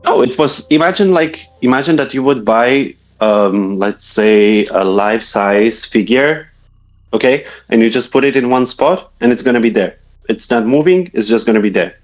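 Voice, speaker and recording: A man's voice: mid-range voice, lively intonation, moderate pace, faint music behind. A man telling a guest's ghost story in a casual, hesitant way, often searching for words. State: a little shaky from reliving memories.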